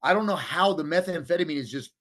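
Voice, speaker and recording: A man's voice: fairly high pitch, lively intonation, fast talker, fairly bright tone. A man speaking as a podcast guest, telling his story candidly in a blunt, profane way, with frequent restarts. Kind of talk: candid storytelling in a casual interview.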